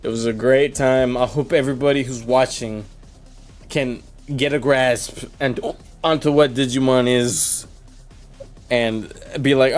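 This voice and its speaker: A drunk man hosting a casual stream sign-off, rambling, swearing and breaking into high laughter, hiccuping now and then. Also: slow pace, long pauses, soft background music. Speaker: streamer and host.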